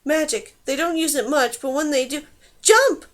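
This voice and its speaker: A woman's voice: high voice, a little fast, lightly acted. A woman voicing an earnest young girl who talks with animals. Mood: urgent.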